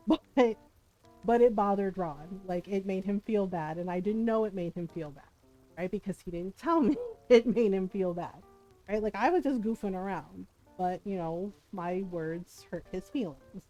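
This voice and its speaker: A woman's voice: medium pitch, measured pace, mellow, faint music behind, rough recording. A woman in her fifties streaming a game, telling stories in casual chat and tagging her sentences with "right?". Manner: chatty, storytelling with lots of "right?" tags. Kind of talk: casual chat while gaming.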